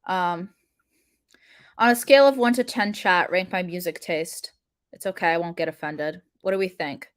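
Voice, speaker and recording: A woman's voice: on the low side, moderate pace, dry recording, studio quality. A young adult woman hosting a casual coding livestream, chatty, with lots of fillers and frequent laughs.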